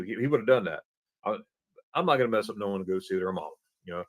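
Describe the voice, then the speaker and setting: A man telling a travel story as a podcast guest, animated and stumbling over repeated words while he acts out the dialogue. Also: on the low side, quick pace. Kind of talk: casual anecdote telling.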